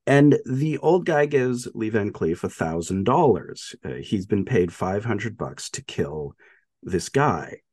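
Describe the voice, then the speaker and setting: Male podcast co-host, slightly husky, animated and rambling, restarts a lot, dry room. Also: on the low side, no echo. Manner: halting, many restarts and fillers, laughs often. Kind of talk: casual film discussion.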